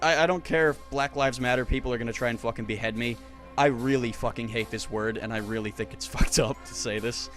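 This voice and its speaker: A man in a casual commentary video, reading online comments aloud and mocking them in a sarcastic, exasperated, profane way, with stammered restarts and chuckles. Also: mid-range voice. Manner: stammering restarts and swings from loud to muttered. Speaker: YouTuber reacting to comments.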